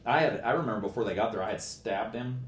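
A man with a very low, deep voice tells a long story in a plainspoken, rambling way, full of folksy turns of phrase. The sound is roomy, with a faint hiss underneath. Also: quick pace. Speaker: guest telling a story. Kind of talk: casual spoken storytelling.

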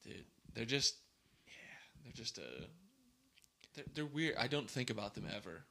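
A man's voice: mid-range voice, normal speed, bright, forceful tone. A man co-hosting a podcast in casual chat, joking and sarcastic and swearing freely. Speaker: podcast co-host.

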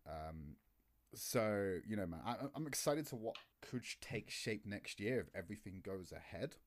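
A man's voice: lively intonation, moderate pace. A man chatting casually about esports, laughing easily and acting out remembered conversations. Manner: chatty, laughs easily, acts out quotes with a higher voice. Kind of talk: casual podcast chat.

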